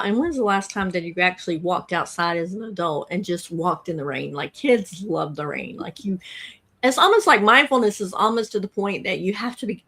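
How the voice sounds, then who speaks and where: A woman's voice: medium pitch, fairly bright tone. A woman hosting a podcast interview, asking long, conversational questions. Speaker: podcast host.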